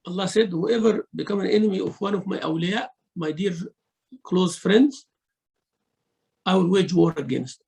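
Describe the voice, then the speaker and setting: A man giving a religious lesson, mixing quick recitation into his English explanations and acting out examples of speech. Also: high voice, creaky, darkish tone, poor audio. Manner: mixes Arabic recitation into English teaching, acts out rude and polite speech. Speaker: sheikh teaching Quran commentary.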